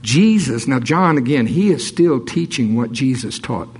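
Husky preacher, middle-pitched, animated with playful asides. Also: male voice, unhurried. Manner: animated, reads scripture aloud with jokes and asides. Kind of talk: sermon.

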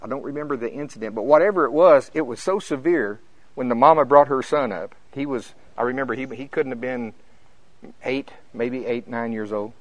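An older man from Oklahoma preaching with fervor, his voice jumping high and loud in the storytelling parts. The sound is dry and close, with no room around it. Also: a little fast, dry recording, rough recording. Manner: fervent, preachy, rising to high excited peaks when telling stories. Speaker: pastor. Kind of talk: sermon.

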